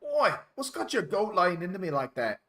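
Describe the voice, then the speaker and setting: A man's voice: high-pitched, big pitch swings, moderate pace, sharp tone, pitched above the performer's own voice, exaggerated voice. A man voicing a brash, rowdy male dolphin with an exaggerated broad Australian accent, slangy and blustering. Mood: belligerent. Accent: Australian, put on.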